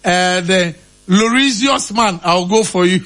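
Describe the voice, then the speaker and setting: Male radio host, high voice, casual chat, reads out listener comments and laughs a lot. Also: a little slow, sharp tone. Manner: reads out names and quotes, laughing often.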